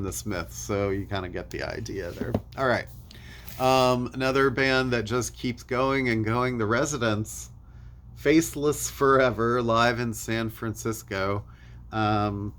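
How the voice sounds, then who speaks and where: A man casually walking through new vinyl releases in a rambling way, with frequent fillers and soft chuckles. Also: fairly low pitch, a little hiss or hum. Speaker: record store host showing new vinyl releases. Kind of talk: casual unscripted product walkthrough.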